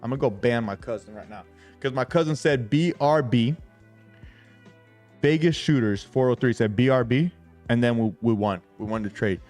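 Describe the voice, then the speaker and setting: A man's voice: medium pitch, normal speed, a little mellow, faint music behind. A young man hosting a trading livestream, talking brashly to his chat, swearing often and hyping himself up.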